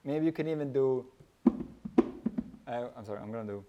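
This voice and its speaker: A man giving a relaxed drum lesson, counting beats aloud and singing the rhythms as he plays. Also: medium pitch, moderate pace, lo-fi sound, very noisy. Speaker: drum teacher. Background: hand drum playing.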